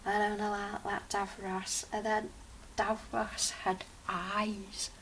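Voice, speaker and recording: Woman fan reviewer, casual and excitable, flat-ish pitch, slight background hiss. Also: slow. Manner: chatty, excited, rambling with restarts. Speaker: TV episode reviewer.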